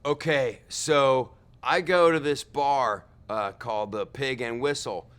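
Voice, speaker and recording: A young man playing a rambling witness in a comedy sketch, telling a wild story and shouting out the quotes. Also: medium pitch, slow, smooth. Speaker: mock witness.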